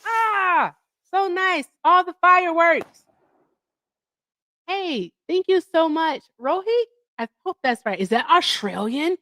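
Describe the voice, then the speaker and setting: A woman's voice: very high-pitched, expressive, slow, sharp tone, no room sound. A woman hosting a livestream in casual chat, chatty and effusive as she thanks her viewers. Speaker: livestream host.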